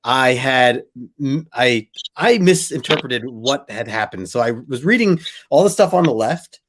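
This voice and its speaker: A man's voice: medium pitch, expressive, a little slow, noisy background. A man co-hosting a casual comic book discussion, rambling and laughing as he retells his reactions. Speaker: podcast co-host.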